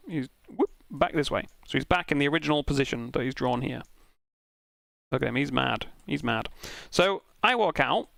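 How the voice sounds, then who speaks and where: Young guy on stream telling a story, bit gravelly, dry close mic. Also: fairly high pitch, no echo. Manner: animated, swearing, self-mocking anecdote with laughs. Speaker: sim racing streamer. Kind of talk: casual storytelling while streaming.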